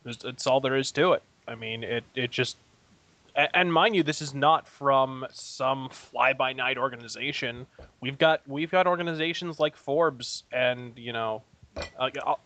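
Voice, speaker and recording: A man's voice: medium pitch, measured pace, pushed and bright. A man co-hosting a gaming podcast, ranting with foul-mouthed insults. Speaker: podcast co-host. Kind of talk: casual chat.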